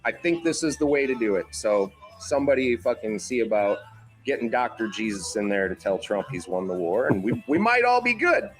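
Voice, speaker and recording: A man's voice: medium pitch, lively intonation, a little fast, faint music behind. A man on a live-streamed panel. He gives a profane political rant and mocks world leaders in put-on quoted voices. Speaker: panel host.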